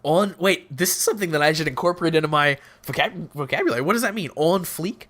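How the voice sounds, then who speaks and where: A man co-hosting a casual podcast, making quick wisecracks and deadpan jokes. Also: on the high side. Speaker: podcast co-host.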